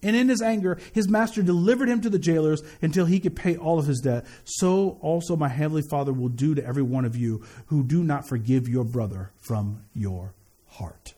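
A man preaching a sermon in an animated, conversational way, mixing scripture with slangy asides and quick repetitions. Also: a little high.

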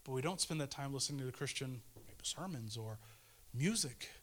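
A man in his thirties giving a casual, earnest devotional sermon, pleading with listeners and swinging between fervent urgency and hushed tenderness. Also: medium pitch, animated, normal speed. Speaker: preacher.

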